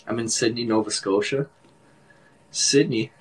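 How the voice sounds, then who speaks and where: A man with a Canadian accent hosts a livestream, chatting in a laid-back way, laughing often and saying "like" a lot. His voice is on the low side at normal speed, and the low-quality recording has slight background noise.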